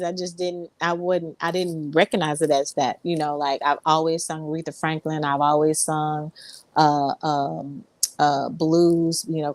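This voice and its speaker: A woman's voice: low voice, dry recording. A woman singer, a guest in an interview, telling her story in a rambling way, full of ums and restarts. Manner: rambling, many fillers and restarts. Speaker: Southern soul singer, guest.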